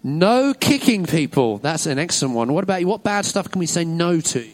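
In a church hall before an audience, a man leads a children's talk during a service, upbeat and encouraging as he praises every answer. His voice is fairly high, sing-song and fairly quick.

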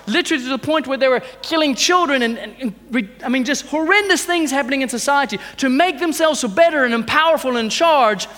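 A man preaching a sermon, asking rhetorical questions and swinging between loud urging and hushed intensity. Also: extremely high pitch, long reverb tail.

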